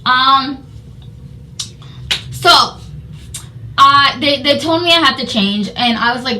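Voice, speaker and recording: A woman's voice: high voice, animated, slow, pauses often, pushed and bright, a little hiss or hum. Foul-mouthed young woman with a sore mouth. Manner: profane, emphatic, rambling. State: sore mouth after dental surgery. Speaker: vlogger. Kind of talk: storytime vlog. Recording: roomy, distant from mic, faint music.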